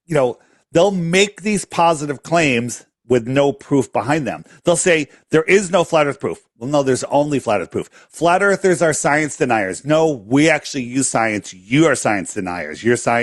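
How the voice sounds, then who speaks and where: A man's voice: mid-range voice, no room sound, studio quality. A man talking in a casual interview, emphatic and repeating phrases for effect. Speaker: flat earth guest.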